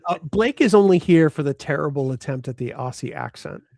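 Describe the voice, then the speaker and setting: A man's voice: fairly high pitch, expressive, fairly quick, creaky, mellow, no room sound, studio quality. A man co-hosting a live fan show in casual chat, greeting viewers in the chat and joking around. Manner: chatty, reads out chat names, joking. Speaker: podcast co-host.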